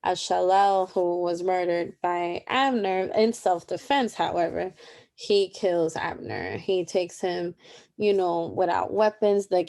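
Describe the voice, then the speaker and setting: Young woman doing a relaxed bible study recap, super casual and chatty. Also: on the low side. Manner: chatty and informal, many fillers and asides. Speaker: Bible reading plan presenter.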